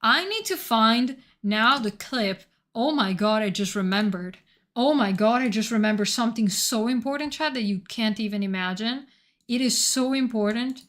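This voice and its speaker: A woman streamer chatting casually on a live stream, excitable and profane, rambling while she searches her notes. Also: on the high side, normal speed.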